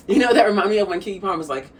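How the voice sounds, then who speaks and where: A young woman vlogger chatting casually while eating, sassy and talkative, often calling the viewer honey. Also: mid-range voice. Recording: a bit distant from the mic, faint room hum.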